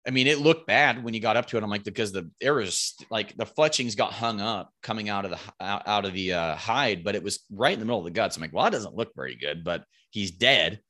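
A man casually telling a hunting story, animated and swearing freely, acting out what was said with a loud raised voice. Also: lowish voice, fast, few pauses.

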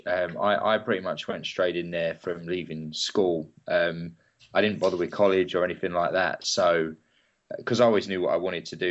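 A man in his thirties, a personal trainer answering interview questions in a relaxed, hesitant way with many ums. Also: sits low, muffled recording.

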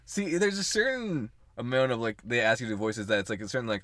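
A man's voice: medium pitch, expressive, quick pace, fairly bright tone, dry recording, studio quality. A man co-hosting a podcast, chatting casually and jokily, often laughing. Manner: giggly, jokey, breaks into silly voices. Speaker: podcast co-host.

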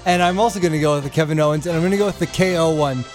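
Co-host, man, quick and wisecracking, light voice, faint music behind. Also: on the high side. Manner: wisecracking, self-mocking. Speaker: podcast co-host. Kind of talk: casual chat.

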